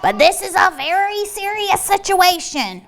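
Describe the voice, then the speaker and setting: A woman's voice: very high-pitched, very animated, unhurried, a bit bright, voice pushed up, exaggerated voice. A woman voicing the male chief frog of a pond, formal and commanding, in a children's story read aloud. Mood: earnest. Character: self-important male chief frog, loud.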